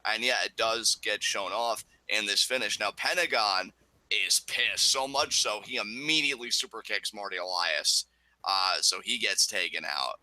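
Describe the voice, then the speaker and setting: A man's voice: on the low side, pushed and bright, no room sound. A man co-hosting a casual wrestling review chat, talking with enthusiasm. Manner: enthusiastic, acts out quoted lines in bursts. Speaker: co-host reviewing wrestling episodes.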